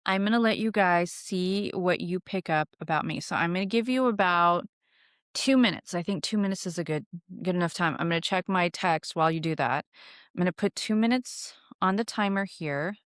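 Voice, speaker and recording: A woman's voice: on the low side, a little fast, fairly bright tone, dry recording, clean studio sound. A young woman hosting a witchcraft podcast, telling stories and teaching in a candid, casual way, swearing freely and using many fillers. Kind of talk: casual storytelling lesson.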